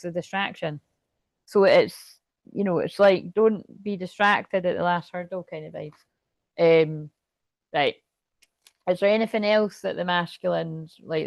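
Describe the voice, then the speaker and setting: Excitable, foul-mouthed woman reading tarot. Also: mid-range voice, dry recording. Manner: chatty, excitable, swears freely, thinks aloud. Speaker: tarot reader. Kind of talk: casual tarot reading to camera.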